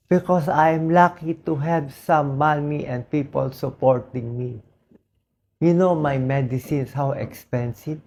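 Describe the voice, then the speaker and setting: A hoarse man with a Filipino accent, a doctor speaking earnestly in an emotional personal monologue, switching between English and Tagalog. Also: mid-range voice, warm tone, highs cut off, slight background noise.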